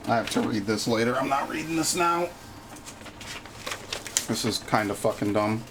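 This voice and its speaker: A man's voice: medium pitch, expressive, normal speed, background noise. A man streaming a game live, commenting as he plays, swearing freely and griping sarcastically about his bad luck. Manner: profane, easily frustrated, sarcastic.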